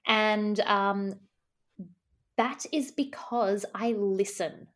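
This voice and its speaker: A woman's voice: medium pitch, fairly even intonation, very slow, fairly bright tone. Mock-earnest rambling woman. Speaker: comedic interviewer in character. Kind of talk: improvised comedy chat.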